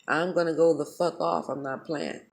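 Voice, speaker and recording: A woman vlogger, telling a story in a heated, profane, animated way. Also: sits low, normal speed. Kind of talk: casual storytelling monologue.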